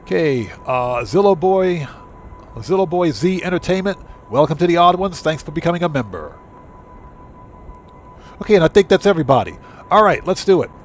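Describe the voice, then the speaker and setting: A male livestream host narrating his gameplay in a fairly high-set voice, brash and boisterous. He flips between trash talk aimed at rivals and energetic welcomes for new members. Faint game music plays behind him. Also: moderate pace, long pauses. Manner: energetic shout-outs greeting chat members. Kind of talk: live gameplay commentary.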